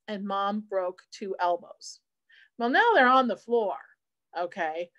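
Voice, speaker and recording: A middle-aged woman, an insurance advisor giving a seminar talk and telling a family story in a chatty way. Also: fairly high pitch. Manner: chatty storyteller, quotes family in lively voices.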